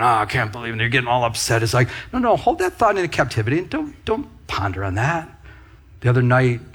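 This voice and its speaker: A pastor preaches a loose, conversational sermon in a somewhat high, husky voice. Animated, he keeps addressing the congregation directly with quick asides, as if talking with them rather than at them.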